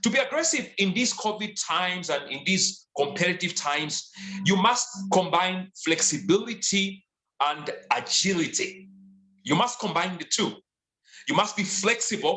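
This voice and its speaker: A sales and leadership trainer from Zambia, appearing as a guest speaker, gives a motivational sales training talk and drives his points home with emphatic repetition. His high voice swings widely in pitch, with a bright, forceful tone. The sound is roomy, with a clear echo.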